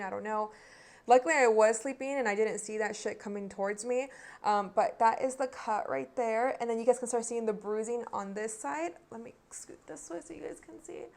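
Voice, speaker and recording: A young Mexican American woman talks straight to her viewers in a casual home vlog, her voice a little on the high side. She chats freely and slips between English and Spanish mid-sentence. The sound is close and intimate, like a phone propped up nearby. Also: darkish tone. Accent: Mexican American, switching into Mexican Spanish. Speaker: makeup vlogger.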